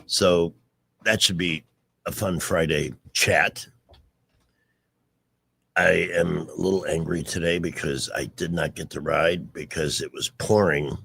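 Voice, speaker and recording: A man's voice: low voice, steady tone, measured pace, gravelly, pauses often, fairly bright tone, breathy edge, no room sound. A man in his sixties hosting a casual radio chat show, telling rambling stories with restarts.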